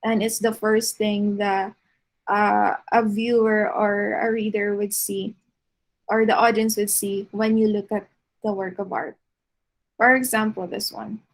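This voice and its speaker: Woman, art lecturer, slow delivery, fillers and restarts, mid-pitched voice. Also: level tone, poor audio. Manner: unhurried, many fillers and restarts.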